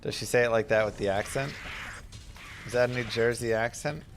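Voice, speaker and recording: A man's voice: medium pitch, steady tone, brisk, a little hiss or hum. A man giving casual, chatty commentary while streaming a game, mixing game tips with family stories.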